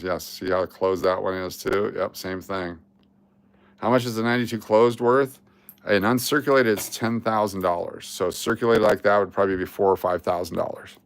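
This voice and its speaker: A coin roll hunting host with a deep, gravelly voice full of vocal fry talks to the camera as he searches through coins. He mutters dates and mint marks, gets excited about a possible find and groans at each miss, keeping the commentary loose and casual.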